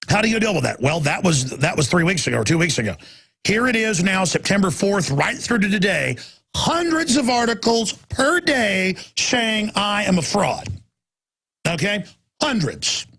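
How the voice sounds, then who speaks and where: A man hosting a talk radio show, delivering an impassioned, ranting monologue that swings from loud outbursts to low asides. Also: vocal fry, slightly rough.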